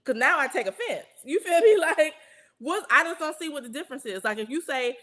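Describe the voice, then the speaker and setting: A woman co-hosting a relaxed podcast conversation, her voice bright and a little high. She speaks earnestly and with emphasis, and keeps checking that her listeners understand. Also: fairly quick. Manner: earnest, emphatic, often asks "you understand what I'm saying?". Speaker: podcast co-host. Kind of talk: casual podcast chat.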